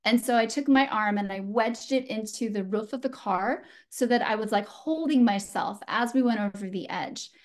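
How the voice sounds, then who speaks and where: A woman's voice: fairly high pitch, normal speed, hardly any pauses. A woman from San Francisco, a guest sharing a personal story in an earnest, reflective way, with frequent fillers and restarts. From San Francisco, USA. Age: adult.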